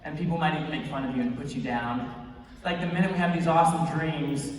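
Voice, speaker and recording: A young man giving an energetic, playful motivational talk, telling stories and laughing often. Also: a little high, fast talker. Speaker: motivational speaker. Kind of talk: motivational storytelling speech. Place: large convention hall. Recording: echoey hall from far off.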